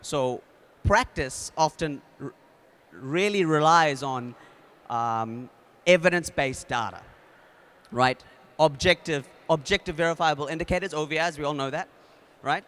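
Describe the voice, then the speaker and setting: A man with a New Zealand accent speaking at a conference, casual and energetic, with many fillers and restarts. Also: a little high, measured pace. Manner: energetic, leads the audience in a game. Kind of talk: conference talk.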